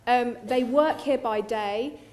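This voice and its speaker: A middle-aged university chancellor gives a graduation address through a lectern microphone in a large hall, playful and joking and warm toward the audience. Her voice is fairly high, and she speaks at a slow pace.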